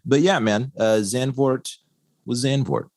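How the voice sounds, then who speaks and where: A man co-hosting a racing podcast, talking casually with lots of fillers and quick laughs. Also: mid-range voice, a little mellow, dry recording, clean studio sound. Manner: rambling, laughs often, many fillers. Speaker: podcast co-host. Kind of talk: casual chat.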